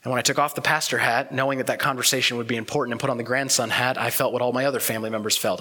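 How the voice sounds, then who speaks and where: A man preaching a sermon as pastor, earnest and reflective, pausing often and letting words trail off softly. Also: mid-range voice, steady tone.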